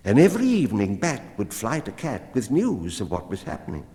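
A man reading a storybook aloud in a rhythmic, expressive way. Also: on the low side, fairly quick. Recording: long hall reverb.

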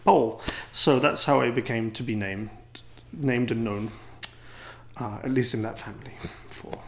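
English priest rambling a bit, wry and self-deprecating, giving a talk. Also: male voice, medium pitch, steady tone, normal speed. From England. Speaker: priest and teacher. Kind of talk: anecdotal talk to a gathering.

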